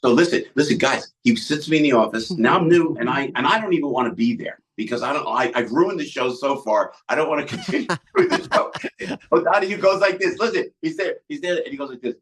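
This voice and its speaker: An older man with a New Jersey accent, a guest telling animated backstage stories, jumping into character voices as he acts out scenes. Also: brisk, hardly any pauses, slight background noise. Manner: lively, acts out other people's lines with big pitch jumps. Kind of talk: animated storytelling.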